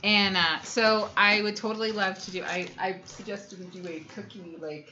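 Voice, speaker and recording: Co-hosting a family livestream in a chatty, meandering style, a woman in her thirties reads chat comments aloud, peppered with ums. Her mid-range voice stays steady at normal speed with a pushed, bright quality, and the stream audio is dull and lo-fi.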